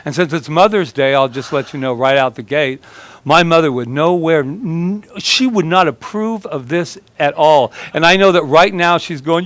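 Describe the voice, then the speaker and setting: A man's voice: on the high side, unhurried, a bit bright, dry recording. A man preaching a conversational sermon at a church service, telling stories in a chatty, joking way and laughing as he talks. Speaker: minister.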